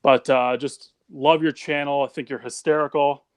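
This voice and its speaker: A man's voice: medium pitch, steady tone, clean tone, dry recording. Frank young man on a dry line. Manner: frank, swears casually, quick asides. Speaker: guest caller. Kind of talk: casual chat.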